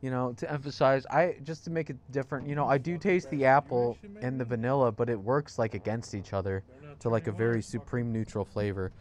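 A man's voice: medium pitch, fairly even intonation, a little fast, darkish tone. A laid-back man in casual chat, swearing and drawing out long descriptions.

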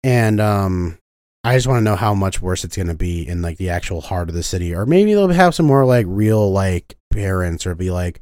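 A man's voice: deep voice, moderate pace, no room sound, clean studio sound. A young man ranting in a casual monologue, swearing often and filling his talk with "like", at times mimicking other people. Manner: profane, animated, lots of fillers. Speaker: podcast host.

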